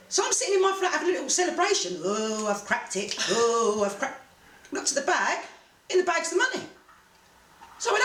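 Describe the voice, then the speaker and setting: Lively woman telling stories. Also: a little high, quick pace. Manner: animated, laughing storyteller. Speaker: boxing promoter, guest. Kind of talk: casual storytelling interview. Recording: echoey room, mic at a distance, faint noise.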